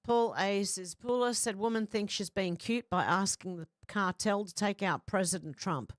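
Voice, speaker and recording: A woman's voice: medium pitch, moderate pace, no echo, clean studio sound. A blunt, chatty woman hosting a livestream, reading out viewer comments and swearing freely. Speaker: host.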